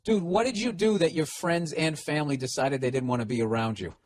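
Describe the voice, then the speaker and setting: A man hosting a podcast, reading listener letters aloud and answering them in a loud, profane, sarcastic comedic rant. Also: fairly high pitch, fairly quick, slight background noise. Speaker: podcast host giving advice.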